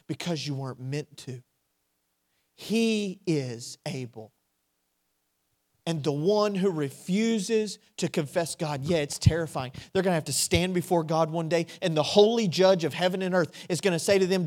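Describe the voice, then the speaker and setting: A male preacher delivering a sermon, asking his listeners direct questions and swinging between hushed and loud, emphatic delivery. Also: a little high, normal speed. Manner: asks the audience direct questions.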